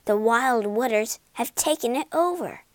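Calm, caring male water rat from a storybook, read by a woman. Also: a little high, a little slow, no echo. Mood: concerned.

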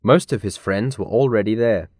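A man reading a children's picture book aloud as narrator, slow and deliberate. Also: on the low side, a little mellow, breathy edge, no room sound, clean studio sound.

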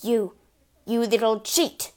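Woman reader as bullying dad, loud, shouty, boastful. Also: mid-range voice, expressive, a little slow, close to an everyday voice. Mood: angry shouting. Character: blustering boastful middle-aged father.

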